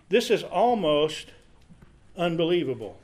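A man's voice: on the high side, sing-song, takes it slowly. A man leading a casual Bible study, reading scripture aloud and then explaining it in a conversational way.

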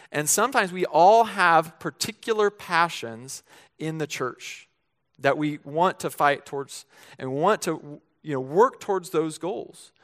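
Smooth-voiced male pastor preaching casually. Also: medium pitch, fairly bright tone. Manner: conversational, storytelling with many restarts and asides. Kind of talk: sermon.

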